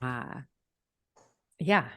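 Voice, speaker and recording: A woman hosting a casual, reflective conversation, asking gentle questions and musing thoughtfully. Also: very deep voice, lively intonation, very slow. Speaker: podcast host.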